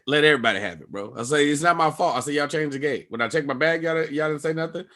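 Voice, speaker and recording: A male stand-up comedian telling a profane story on a podcast, acting out everyone's lines with sudden leaps in pitch and volume. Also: animated, fast, hardly any pauses. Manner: profane, acts out people's lines with big jumps in pitch and loudness.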